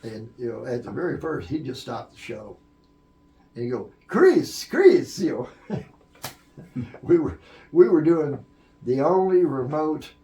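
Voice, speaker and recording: Gravelly older man telling stories. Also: mid-range voice, a little slow, long pauses, warm tone, distant mic. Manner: rambling anecdotes with many fillers and restarts. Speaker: interview guest, veteran sound engineer. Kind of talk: storytelling in a podcast interview. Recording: echoey room.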